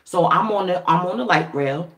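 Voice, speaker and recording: A woman vlogger telling a story to her viewers in a casual, animated way, swearing freely and laughing often. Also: on the low side, normal speed. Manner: animated, profane, laughing, acts out quoted voices. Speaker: spiritual reader and vlogger. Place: at home.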